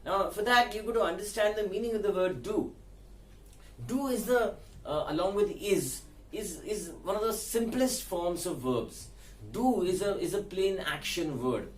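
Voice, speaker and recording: A man teaching English grammar, explaining slowly with frequent fillers and repeated words. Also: high-pitched, far from the mic, a little hiss or hum. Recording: echoey room, set back from mic.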